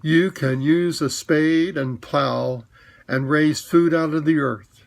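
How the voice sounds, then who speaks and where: A man's voice: on the high side, fairly even intonation, slow pace, vocal fry. A man voicing a great noble male lion king in a storybook reading, speaking in a solemn, commanding and formal way.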